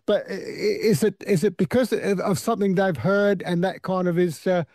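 A man's voice: sits high, normal speed, darkish tone, dry recording, clean studio sound. A man hosting a radio interview, asking questions hesitantly with many fillers. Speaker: radio host.

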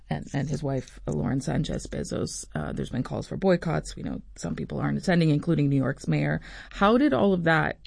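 Gravelly-voiced news interviewer. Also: mid-range voice, darkish tone, no room sound, studio quality. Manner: probing questions with small restarts.

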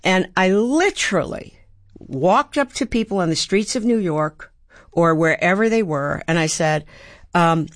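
A woman's voice: on the low side, expressive, normal speed, no room sound, clean studio sound. A woman in her seventies from Baltimore, an actor and playwright, speaking thoughtfully as an interview guest and acting out the voices she quotes. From Baltimore, USA. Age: 70s. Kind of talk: reflective interview storytelling.

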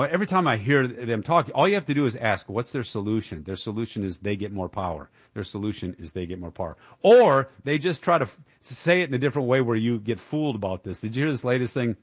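Brief: male radio talk host, fired-up and emphatic, mid-pitched voice, close dry studio mic. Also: dry recording. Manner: indignant, emphatic, with chuckles. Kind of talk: political talk radio commentary.

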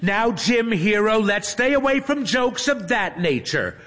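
A man voicing a cheerful young female wizard livestreamer who talks in a bright, sing-song, coaxing way. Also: high voice, animated, measured pace, big-room sound, voice pushed up.

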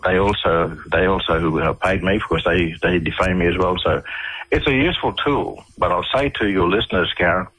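A man's voice: sits low, moderate pace, fairly bright tone, husky, rough recording. A middle-aged Australian man, a radio interview guest, telling stories in a rambling way full of restarts and fillers.

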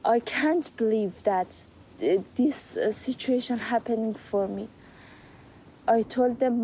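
A young woman tells her story in English that is not her first language, pausing often and choosing simple words. Her voice sits fairly high but sounds dark and mellow. Faint noise hums behind her. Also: poor audio. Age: young adult. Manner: halting, hesitant, simple phrasing. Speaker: interviewee. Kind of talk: recounting personal testimony.

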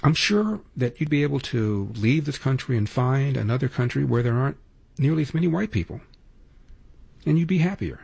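Husky, opinionated talk radio host. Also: male voice, medium pitch, expressive, normal speed, a little mellow. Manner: opinionated, sarcastic. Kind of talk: political talk radio commentary.

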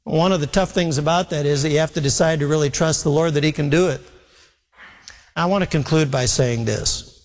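Male pastor, sermon, emphatic, somewhat high pitch, long reverb of a hall. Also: brisk. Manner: earnest, emphatic, repeats key phrases.

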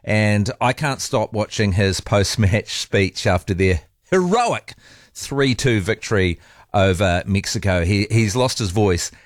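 A man's voice: fairly low pitch, lively intonation, a little slow, no echo, studio quality. A man hosting a talk radio show, chatty and jokey. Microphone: studio microphone.

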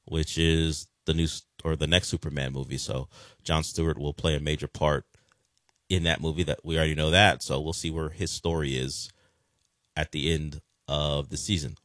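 A man's voice: very deep voice, fairly even intonation, normal speed, fairly bright tone, dry recording, clean studio sound. A man hosting a sports talk radio show, chatting casually and rambling with frequent restarts.

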